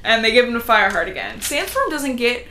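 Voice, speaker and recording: A woman with a fairly high voice co-hosts a podcast and retells a book in a quick, casual way. She briefly acts out the characters' lines as she goes. Faint background noise sits behind her voice. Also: big pitch swings, pushed and bright. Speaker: podcast co-host. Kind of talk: casual book recap chat.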